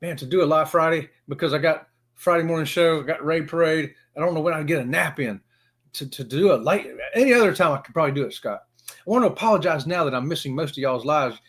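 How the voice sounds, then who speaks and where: A man in his fifties with a Southern US accent, hosting a casual live stream and greeting viewers by name in a folksy, excitable way. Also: fairly high pitch, quick pace. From Florida.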